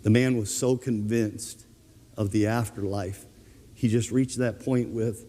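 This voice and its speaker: Male pastor, animated sermon delivery, warm tone. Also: on the low side, measured pace, long reverb tail. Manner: earnest, animated preaching with told anecdotes. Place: church.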